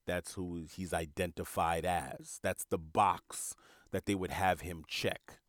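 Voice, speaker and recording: A man's voice: sits low, fairly even intonation, slow, no echo, clean studio sound. A man hosting a podcast, talking in an earnest, reflective monologue and repeating words as he searches for them. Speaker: podcast host.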